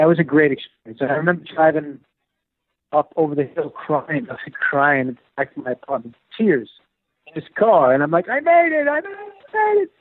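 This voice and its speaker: A man telling an animated, filler-heavy story about his acting career, slipping into the voices of the people he quotes. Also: on the high side, husky, dry recording. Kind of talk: casual storytelling interview. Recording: dry, phone-like narrow sound.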